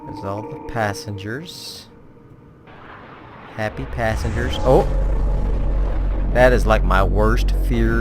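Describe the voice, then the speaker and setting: A man's voice: on the low side, steady tone, unhurried, pauses often, music in the background. A man giving casual, playful, self-mocking commentary on a video game. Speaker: let's play gamer.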